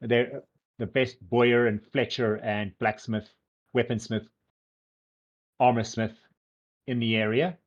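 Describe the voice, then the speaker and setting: A male game master narrating a tabletop session in a loose, rambling way, stopping to search for words. His voice sits at a middling pitch and comes through a dull, lo-fi recording. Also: flat delivery, measured pace, long pauses. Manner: loose, rambling description with fillers.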